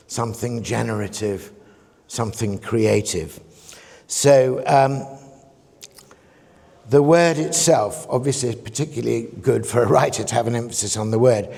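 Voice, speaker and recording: Gravelly man lecturing in a reverberant hall. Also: mid-range voice, a little mellow. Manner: reflective, digressive, chuckles at his own points. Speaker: guest lecturer. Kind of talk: public lecture. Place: conference hall.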